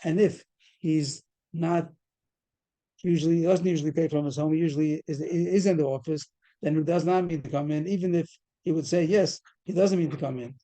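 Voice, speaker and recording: A man's voice: a little high, fairly even intonation, brisk, mellow. A man teaching a Talmud class over a video call, explaining a case step by step and quizzing the students. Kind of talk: fast Talmud study lecture.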